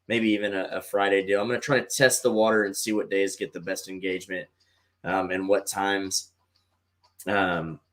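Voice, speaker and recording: A middle-aged man with a fairly low, slightly bright voice hosts a live call-in show. His casual livestream chat rambles, full of fillers and repeats.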